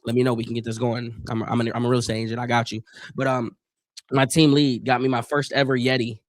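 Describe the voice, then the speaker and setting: A man from Northeast Ohio hosting a live stream, calling football plays and chatting casually in slangy talk, his voice a little worn and clearing his throat often. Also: medium pitch, level tone, fast, no room sound. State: losing his voice a bit. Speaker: livestream host doing play-by-play. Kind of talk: casual live play-by-play and chat.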